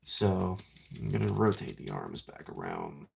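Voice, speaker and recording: A man's voice: low voice, big pitch swings, unhurried, vocal fry, darkish tone, a little hiss or hum. Rambling man reviewing toys on a live stream. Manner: rambling, self-mocking, talks to chat while fiddling.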